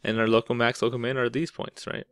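A man's voice: medium pitch, level tone, quick pace, fairly bright tone, clean tone, no room sound, clean studio sound. A man teaching a math lesson, explaining step by step in a casual way and often checking in with "right?". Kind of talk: classroom lecture.

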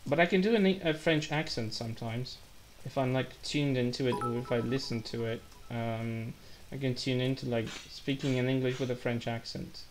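A man gives relaxed, chatty commentary as he plays a game live. He jokes a lot and laughs at his own blunders, in a middle-pitched voice. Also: moderate pace, hardly any pauses, a little hiss or hum. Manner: chatty, joking, self-deprecating. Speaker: gaming livestreamer. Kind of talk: casual live gameplay commentary.

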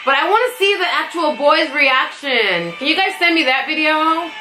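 A young woman hosting a reaction video, chatting casually and getting emotional and excited as she talks. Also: sits high, measured pace, noisy background.

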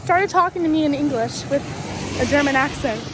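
A young woman vlogging casually and excitably, full of fillers, talking into a handheld phone. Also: sits high, fairly quick. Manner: chatty, excitable, lots of fillers. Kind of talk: casual travel vlog. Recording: noisy phone video outdoors.

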